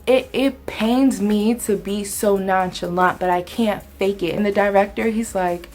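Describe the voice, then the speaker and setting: A woman's voice: medium pitch, animated, moderate pace, few pauses, a little mellow, faint music behind. A young woman telling a work story in a casual, chatty vlog. She acts out other people's lines as she goes.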